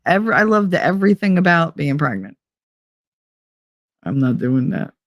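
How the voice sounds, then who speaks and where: A woman's voice: sits low, big pitch swings, moderate pace, no echo. A young adult woman streamer chatting casually while reading quiz questions aloud, blunt, joking and full of profanity. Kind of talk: casual chat reading online quizzes aloud.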